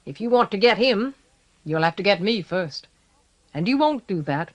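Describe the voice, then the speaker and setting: Lady doing a wry cheery courtier guy in a storybook, bright and defiant. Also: medium pitch, lively intonation, moderate pace, dull audio, close to an everyday voice. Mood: mock-cheerful.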